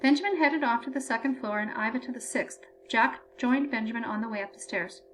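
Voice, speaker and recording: A woman narrates a story as an audiobook. Her voice sits high, and her telling is steady and even-toned. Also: a little fast, slight background noise. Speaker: audiobook reader.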